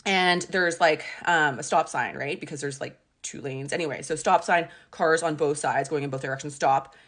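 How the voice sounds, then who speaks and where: Chatty low-voiced woman vlogger. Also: normal speed. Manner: chatty, animated retelling with many "like"s. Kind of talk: casual storytime chat.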